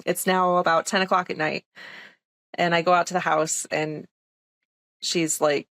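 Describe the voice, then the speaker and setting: Low, gravelly-voiced young woman. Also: little pitch movement, unhurried, fairly bright tone, dry recording. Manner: chatty, full of "like" and "um", emphatic retelling. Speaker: nurse, podcast guest. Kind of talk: casual interview storytelling.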